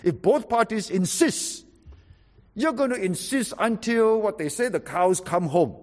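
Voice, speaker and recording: Male preacher, husky, wide swooping pitch, loud-to-soft emphatic delivery, big reverberant hall. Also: measured pace. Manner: emphatic, animated preaching with sudden drops to quiet. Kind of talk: sermon.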